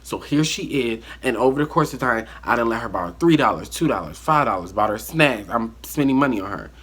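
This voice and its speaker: A man telling a story from his life in a casual vlog monologue, animated and acting out the dialogue. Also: mid-range voice, fairly quick, breathy edge.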